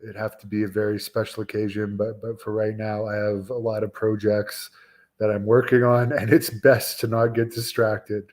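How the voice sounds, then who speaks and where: A man's voice: fairly low pitch, flat delivery, moderate pace, darkish tone. Chatty man in his forties, rambling. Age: 40s. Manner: rambling, chatty, with frequent fillers and restarts. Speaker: wrestling show host. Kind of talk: casual live-stream chat answering viewers.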